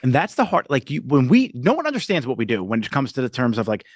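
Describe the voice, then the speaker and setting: Middle-aged male podcast host; loose, conversational delivery, lively pitch, dry close sound. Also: fast talker, no room sound. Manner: conversational, frequent restarts and "like". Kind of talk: casual podcast chat.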